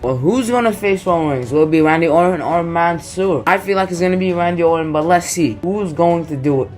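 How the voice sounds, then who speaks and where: High-voiced man hyping gameplay commentary. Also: fairly quick, darkish tone, soft background music. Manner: announcer-style, building suspense with rhetorical questions. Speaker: YouTube gaming creator. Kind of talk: hyped play-by-play commentary over gameplay.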